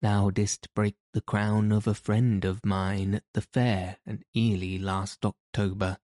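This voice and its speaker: A jovial outlaw chief with a laugh in his words and archaic speech, as a male storyteller reads him. Low, mellow and unhurried, in a dry, close recording. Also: level tone, no room sound. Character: Robin Hood, merry bold male outlaw leader. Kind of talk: audiobook character reading.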